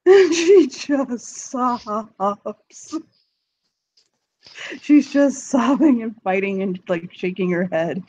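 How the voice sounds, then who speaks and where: Husky woman player narrating a tabletop game, animated, dull lo-fi mic. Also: on the high side. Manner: animated, quick, laughing asides. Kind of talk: tabletop role-play narration.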